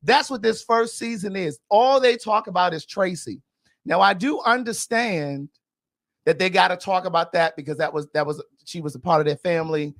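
A man's voice: high-pitched, normal speed, fairly bright tone. A man hosting a podcast, giving blunt, sassy, gossipy commentary in a casual chat. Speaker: podcast host.

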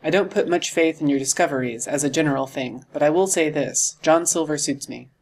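A man reading aloud and voicing a measured, dry-spoken gentleman doctor in an audiobook. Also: a little high, a little hiss or hum, natural voice.

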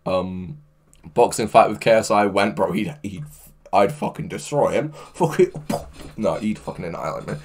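A man chatting casually on a livestream, excitable, laughing often and swearing a lot. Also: fairly low pitch, normal speed, husky. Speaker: livestreamer reading chat.

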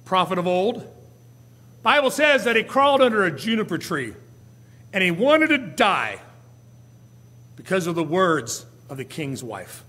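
A pastor preaching in a church with a very high voice for a man. He swings from soft, low asides to loud, rising appeals, now and then slipping into a whiny put-on voice to act out a complaint. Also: slightly rough, long reverb tail. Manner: preaching with sudden rises and drops in loudness, acting out whiny quotes. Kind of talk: sermon. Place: church sanctuary.

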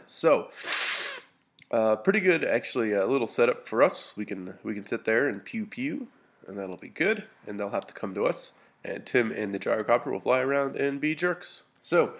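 A man's voice: fairly low pitch, fairly bright tone. A man, a bit sniffly, casually narrating a tabletop battle report over photos, with lots of fillers and restarts. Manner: casual, many fillers and restarts, dry humor. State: a little sniffly. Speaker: hobby gamer reporting a battle.

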